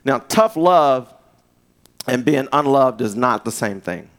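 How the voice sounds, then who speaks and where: Animated conversational man preaching. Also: medium pitch, slow. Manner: conversational preaching, restarts and asides, swings from loud to hushed. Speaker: pastor. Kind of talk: sermon.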